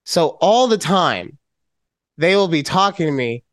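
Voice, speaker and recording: A middle-aged man co-hosts a casual podcast over a video call. He is loud and ribbing, and his voice swings widely in pitch. The sound is dry and close. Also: big pitch swings, measured pace, no room sound. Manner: loud, teasing, jumps to high-pitched outbursts. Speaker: podcast co-host. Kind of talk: casual chat.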